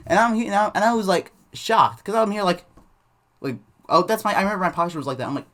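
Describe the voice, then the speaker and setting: A man's voice: high-pitched, animated, fast talker, fairly bright tone. A man tells a school story in a loose, rambling storytime way. He fills his sentences with restarts and fillers as he goes. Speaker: channel host. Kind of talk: casual storytime.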